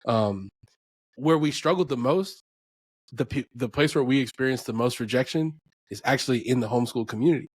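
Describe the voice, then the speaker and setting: A man's voice: medium pitch, brisk, slightly rough, dry recording. A man in his thirties, an educator and homeschooling parent, telling stories in a loose podcast chat, full of fillers and laughter. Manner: animated storyteller, lots of fillers and laughs. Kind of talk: casual podcast conversation.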